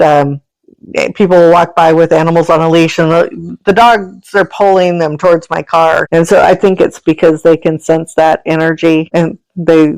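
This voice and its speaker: A woman's voice: low-pitched, a little mellow, no echo, low-quality recording. A woman telling animal stories as a podcast guest, chatty and rambling, laughing often. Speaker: guest, animal sanctuary founder and energy healer. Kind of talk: casual storytelling conversation.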